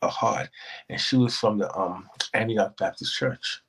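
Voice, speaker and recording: A man telling a personal story as a guest, in an animated way that acts out the voices of the people in it. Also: lowish voice, a little slow, slightly rough, poor audio.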